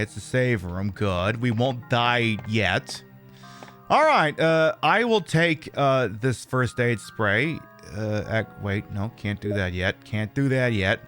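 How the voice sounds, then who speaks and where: Chatty, animated man streaming a game. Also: mid-range voice. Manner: rambling and chatty, with many fillers and repeats, reacting to chat. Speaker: streamer playing a horror game. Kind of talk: casual livestream commentary.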